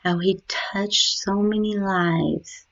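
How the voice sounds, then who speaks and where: A middle-aged woman remembering her late son, speaking haltingly and tenderly with many pauses and fillers. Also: mid-range voice, fairly even intonation, fairly bright tone. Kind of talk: personal memorial reflection. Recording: dull lo-fi recording.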